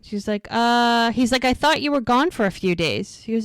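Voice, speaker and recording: A woman co-hosting a rewatch podcast, casually retelling scenes and quoting the characters in quick bursts. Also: fairly high pitch, smooth, no echo, clean studio sound. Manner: chatty, quotes characters in quick lively bursts. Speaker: podcast co-host recapping episodes.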